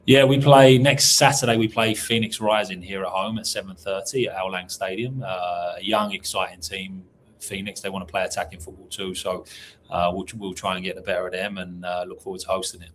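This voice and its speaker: A British man with a very low voice, answering as a soccer coach in short, soft-spoken replies. He sounds far from the mic, with faint hiss behind him. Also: fairly even intonation, brisk. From England. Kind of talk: interview answers.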